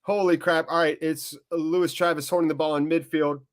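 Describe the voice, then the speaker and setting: Excitable male fan host with a slightly high voice, calling a match live. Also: a little fast. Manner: emotional, excitable fan commentary. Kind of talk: live match watchalong commentary.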